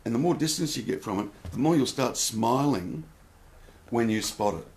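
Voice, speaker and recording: A man's voice: mid-range voice, expressive, normal speed, a little mellow. A man giving a casual spiritual talk as a teacher, blunt and questioning, swearing freely. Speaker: nonduality teacher.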